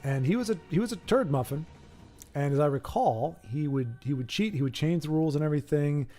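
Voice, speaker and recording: A man's voice: fairly high pitch, expressive, brisk, mellow, soft background music. A man hosting a live game stream, chatting casually with viewers and commenting on matches in a joking, rambling way that stumbles over repeated words.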